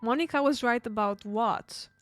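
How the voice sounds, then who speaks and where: A woman's voice: a little high, moderate pace, no room sound, soft background music, close to an everyday voice. A woman reading the earnest lines of the caring player character in a dating game.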